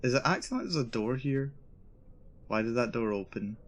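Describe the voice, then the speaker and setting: Male streamer, mid-pitched, nervously self-narrating through a horror game, repeats lines when scared. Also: normal speed, fairly bright tone. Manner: jittery, repeats himself, narrates his own nerves. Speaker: VTuber streamer. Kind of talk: live horror gameplay commentary.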